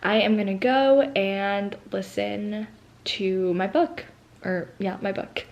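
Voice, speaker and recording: A woman's voice: medium pitch, slow, gravelly, rough recording. A young woman and student talking casually to her viewers in a day-in-my-life vlog, chatty and full of "like" fillers. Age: young adult. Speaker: vlogger.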